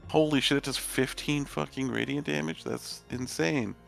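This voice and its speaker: Excitable gravelly man player. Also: medium pitch, normal speed, soft background music. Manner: excitable, swearing, lively. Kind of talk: casual tabletop play.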